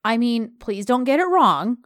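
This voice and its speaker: A woman's voice: fairly high pitch, lively intonation, moderate pace, fairly bright tone, no echo, clean studio sound. A woman voicing a young man who defends himself in a pleading, apologetic way. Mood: defensive.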